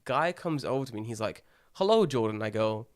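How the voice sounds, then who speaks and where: A young man co-hosting a podcast, telling animated stories, swearing freely and acting out what people said. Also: on the low side, fast. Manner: animated storyteller, swears freely, acts out quotes. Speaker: podcast co-host. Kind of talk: casual chat.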